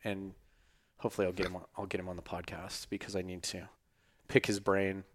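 Low-voiced man losing his voice. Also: level tone, fairly quick. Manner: loose, rambling, swears casually. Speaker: podcast host. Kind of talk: casual chat.

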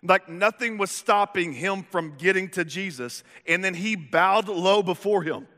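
A man preaching a sermon, animated and jokey. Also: sits high, measured pace. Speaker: pastor. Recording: echoey hall reverb.

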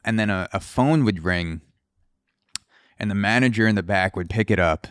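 Low, smooth-voiced man rambling on a podcast. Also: normal speed, fairly bright tone, dry recording, studio quality. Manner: rambling, profane, with comic tangents. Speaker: podcast host. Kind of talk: casual solo podcast commentary.

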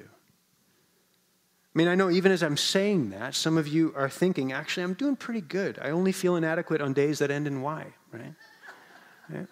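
A man preaching a sermon as pastor, in a conversational, humorous way, often asking the congregation questions. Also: fairly high pitch.

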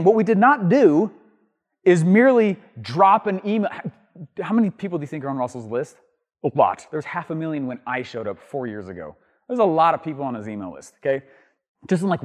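A man hosting a marketing show, teaching in an emphatic way that swings from loud, rising bursts to low, quiet asides. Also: big-room sound. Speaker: marketing podcast host. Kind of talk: energetic teaching monologue.

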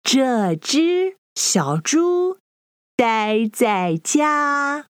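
A woman teaching a children's language lesson, repeating each phrase slowly and clearly in a sing-song way. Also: high-pitched, big pitch swings, dry recording, clean studio sound.

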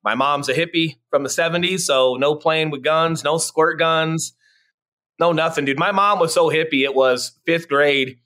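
Middle-aged male guest, casual storyteller, relaxed and chatty. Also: on the high side, moderate pace. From Colorado. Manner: laid-back, says "man" and "dude" a lot, many fillers. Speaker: podcast guest, real estate agent.

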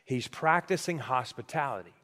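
A man preaching a sermon, animated and questioning his congregation, in a large church hall. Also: medium pitch, normal speed. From United States. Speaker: pastor. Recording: long hall reverb.

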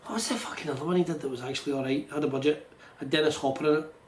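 A man's voice: a little high, very fast, a little hiss or hum. Swearing Scottish man, roomy echo. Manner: swearing, jokey, puts on voices. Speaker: podcast co-host. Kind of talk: casual chat.

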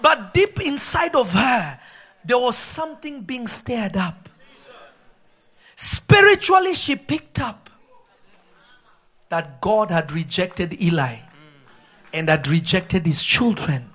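A man with a very high, bright voice preaches a fervent sermon in a church. He shouts his points and slips into a sing-song cadence, drawing out his words slowly. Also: very animated. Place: church sanctuary.

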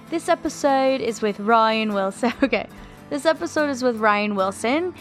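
Woman in a put-on British accent. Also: fairly high pitch. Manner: rambling, self-mocking. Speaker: podcast host. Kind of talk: podcast intro monologue.

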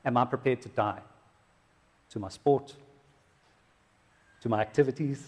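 A man's voice: medium pitch, a little slow, darkish tone, breathy edge. A man preaching a sermon to husbands in a church, joking and exclaiming as he goes. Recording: echoey hall reverb.

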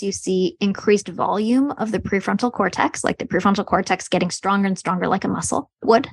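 Female podcast guest, clear explainer, lightly animated delivery, dry recording. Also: medium pitch, no echo. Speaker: guest expert on meditation.

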